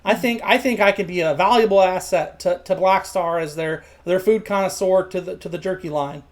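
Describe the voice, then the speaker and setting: A woman's voice: lowish voice, brisk, lightly acted. A woman voicing an eager young male baker's apprentice who stumbles over his words and repeats himself. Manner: stammering, repeats words, earnest.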